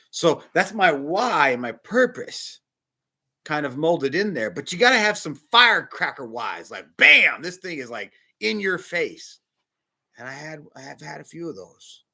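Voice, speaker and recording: A middle-aged man, a bishop, preaching a sermon with emotional personal testimony, talking in a confiding, animated way. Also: fairly high pitch.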